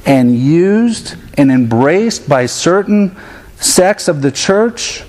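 A man in his thirties preaches with a slightly higher-than-usual voice. His delivery is earnest and direct. He drops into playful impressions of his children to illustrate his points. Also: expressive, slow, darkish tone. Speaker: pastor. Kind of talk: sermon.

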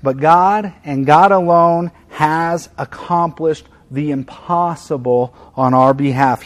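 A male pastor preaching with fervent emphasis. His voice sits a touch high for a man, and he repeats his key lines. He often drops to a hushed, intimate level. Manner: emphatic, repeats key phrases, swings from loud stress to quiet. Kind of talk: sermon.

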